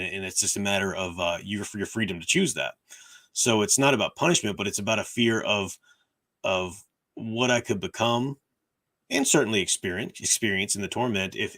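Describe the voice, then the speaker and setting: Man, livestream host, low-ish voice, tired strained voice, earnest, thinks aloud. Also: a bit bright. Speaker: livestream host answering viewer questions. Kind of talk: casual livestream commentary on faith and fiction.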